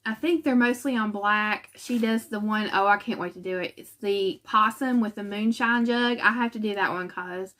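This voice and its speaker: A woman's voice: mid-range voice, moderate pace, few pauses, pushed and bright. A woman from West Virginia hosting a cross-stitch channel in casual chat from home, talking in a chatty, self-conscious way with fillers and laughs.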